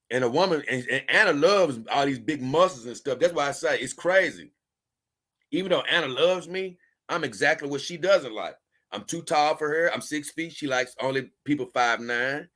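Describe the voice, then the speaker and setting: A man's voice: on the high side, sharp tone. A man hosting a casual livestream, reading viewer comments and rambling on in loose, with chuckling asides. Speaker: livestream host.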